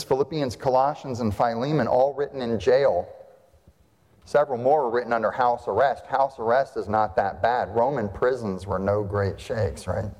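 In a church sanctuary full of long hall reverb, a man preaches to his congregation with a mid-range, darkish voice. The sermon is emphatic, built on rhetorical questions and repeated phrases.

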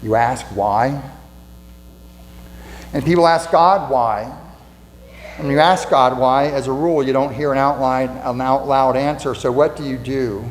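A pastor giving a conversational sermon in a church, asking rhetorical questions and repeating lines for emphasis. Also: male voice, mid-range voice, measured pace, pauses often. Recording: echoey hall with mains hum.

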